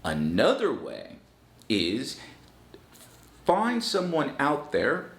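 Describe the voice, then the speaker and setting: Slow, deliberate man teaching English. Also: lowish voice, reverberant. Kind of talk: online English lesson.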